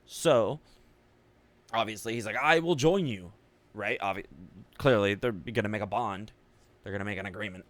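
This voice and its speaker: A man's voice: lowish voice, steady tone, normal speed, pauses often, dry recording. A man giving casual game commentary, musing aloud with loose fillers and offhand swearing. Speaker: gaming video creator.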